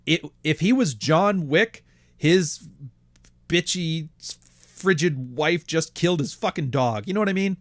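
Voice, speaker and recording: A man's voice: fairly high pitch, unhurried, dry recording. A man hosting a podcast, telling stories casually with a sardonic, profane manner and mocking put-on quotes. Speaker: podcast host. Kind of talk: casual monologue.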